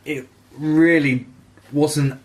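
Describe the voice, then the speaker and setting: A man's voice: a little high, drawn-out words. Sweary, storytelling man. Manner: swearing, animated storytelling with acted-out dialogue. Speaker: podcast host. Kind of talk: casual gaming chat.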